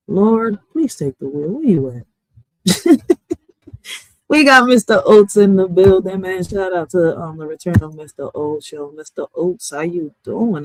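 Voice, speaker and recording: A woman's voice: medium pitch, dark tone, no echo, poor audio. A woman who streams and writes poetry, ranting casually and with a lot of profanity, full of slang and talking straight to her chat. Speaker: streamer and poet. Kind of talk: casual live-stream rant.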